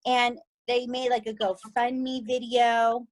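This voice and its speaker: A woman with a Southern US accent, co-hosting a podcast and recapping a TV series in animated, emphatic casual chat. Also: fairly high pitch, slow pace, poor audio. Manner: animated and emphatic, often asking "right?". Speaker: podcast co-host.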